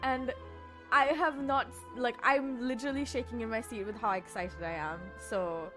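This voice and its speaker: Bubbly, rambling woman streamer, bright voice. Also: on the high side, fairly even intonation, moderate pace, soft background music. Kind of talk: casual let's-play chatter.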